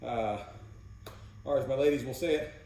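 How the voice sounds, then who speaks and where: Man, fitness coach, relaxed mellow tone, counting reps, very roomy echo, mic far away. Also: medium pitch, moderate pace. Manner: casual coaching, counting reps between exercise cues. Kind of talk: workout instruction. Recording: very echoey room, mic far off, faint noise.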